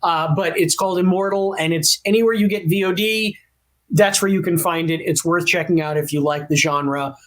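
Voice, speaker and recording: High-voiced animated man telling a story. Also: moderate pace. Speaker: actor guest. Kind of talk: podcast interview anecdote.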